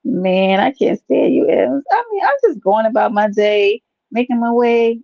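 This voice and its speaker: A woman's voice: fairly high pitch, animated, moderate pace, creaky, few pauses, dark tone, no room sound, lo-fi sound. A woman hosting a live stream, rambling and teasing her viewers in a playful, chatty way. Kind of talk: casual live stream chat.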